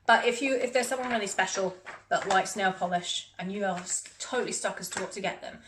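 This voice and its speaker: A woman's voice: medium pitch, a little fast. A woman vlogging about her recent purchases in a chatty, self-mocking, rambling way. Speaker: beauty vlogger. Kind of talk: casual haul chat to camera. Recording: echoey room with faint noise.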